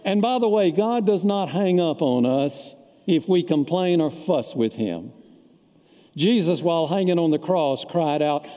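A man's voice: on the high side, expressive, a little slow, dark tone. A male pastor preaching a sermon, telling folksy anecdotes to make his points. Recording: long reverb of a large hall.

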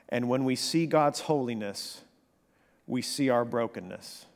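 A man preaching a sermon, swinging from hushed, slow passages to animated, emphatic bursts. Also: mid-range voice, creaky. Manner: dynamic preaching, drops to near whisper then rises to animated emphasis. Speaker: pastor. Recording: long hall reverb.

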